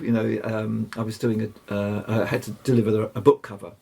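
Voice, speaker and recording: An older man, telling rambling fishing stories as a guest, halting and restarting often. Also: medium pitch, steady tone. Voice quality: gravelly, husky. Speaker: guest angler. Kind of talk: anecdotal storytelling.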